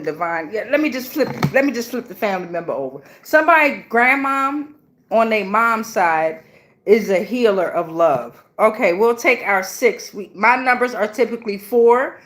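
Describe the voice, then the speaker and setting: A woman's voice: on the high side, fairly bright tone. A woman doing a casual live tarot reading, blunt and chatty with a lot of profanity and slang. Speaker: tarot reader.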